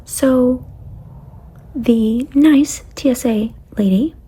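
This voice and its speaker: A young woman vlogger rambles through a casual travel story, often dropping to a breathy near-whisper. Her voice is high and dark in tone, and she draws out her words.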